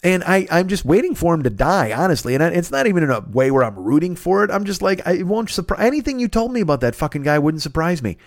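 A man's voice: high voice, big pitch swings, fast, hardly any pauses, no room sound, clean studio sound. A man hosting a comedy podcast, delivering a profane comic rant full of swearing and mocking impressions.

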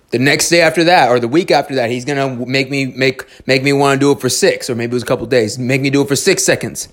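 A man's voice: medium pitch, fairly even intonation, fast talker, hardly any pauses. A man in a casual monologue who talks bluntly and swears freely, stumbling over restarts as he tells a story and gives earnest, motivational advice. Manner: blunt, profane, restarts a lot. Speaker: storyteller giving life advice.

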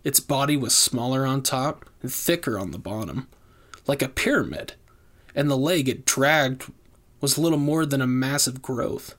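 A man narrating a horror story in a measured, deliberate way, slowing down at tense moments. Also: mid-range voice, fairly bright tone.

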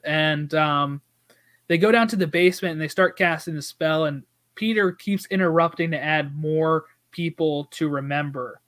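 Brief: man, high voice, casual film chat, animated, does the character lines. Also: normal speed. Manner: animated, acts out quoted dialogue. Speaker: podcast co-host. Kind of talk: casual movie discussion.

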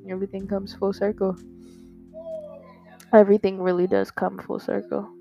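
A young woman podcasts into a microphone in a gravelly, dark-toned, mid-range voice, speaking at normal speed with little pitch movement. She rambles candidly in a casual confessional monologue, full of fillers and with some swearing. The dull lo-fi recording has faint guitar music.

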